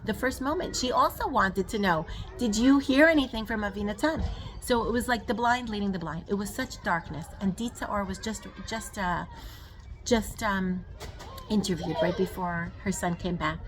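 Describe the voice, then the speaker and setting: A woman giving a spoken Torah lesson, earnest and emphatic, mixing in Hebrew terms and slowing down to stress key words. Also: mid-range voice. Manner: rises and slows on emphasis, frequent fillers. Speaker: Torah teacher.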